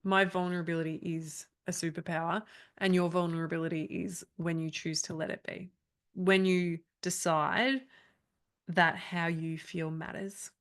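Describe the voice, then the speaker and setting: A woman's voice: fairly low pitch, flat delivery, moderate pace. A woman, leading an online coaching workshop in a candid, chatty way with frequent laughs. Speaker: trauma coach. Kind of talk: live online workshop talk.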